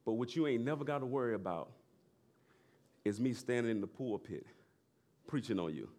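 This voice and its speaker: A man's voice: mid-range voice, animated, moderate pace. Man preaching in loose, chatty style. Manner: conversational preaching, laughing asides, rising to loud emphasis. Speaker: pastor. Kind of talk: sermon.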